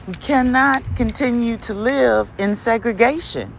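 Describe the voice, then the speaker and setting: A woman hosting her podcast, preaching in an emphatic monologue full of rhetorical questions and laughs, with dramatic swings between high and low. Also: lively intonation, slow, long pauses, slight background noise. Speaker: podcast host.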